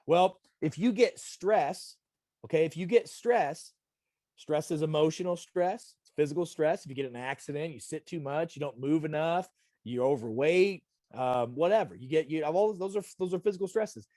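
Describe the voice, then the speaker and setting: A middle-aged wellness presenter with a slightly high, dark-toned voice speaks at a moderate pace in a live online health talk over video call. He's emphatic and repetitive, addressing listeners directly and often checking in with "okay?" The recording is studio quality with no room sound.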